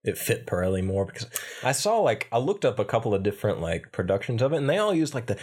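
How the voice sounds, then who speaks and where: A man's voice: medium pitch, big pitch swings, fast talker, darkish tone, breathy edge. A young man co-hosting a podcast in casual chat, laughing easily and trying out put-on accents. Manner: laughing, tries out Irish accents, talks about his acting. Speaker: podcast co-host.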